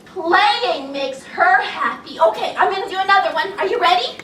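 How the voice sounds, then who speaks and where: A woman giving an animated talk to an audience, playful and exaggerated, gasping and laughing as she acts out feelings. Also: extremely high pitch, normal speed, few pauses, recorded from a distance, slight background noise. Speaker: children's educator giving a talk. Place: large room with an audience. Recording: echoey room recorded from afar, faint ambience.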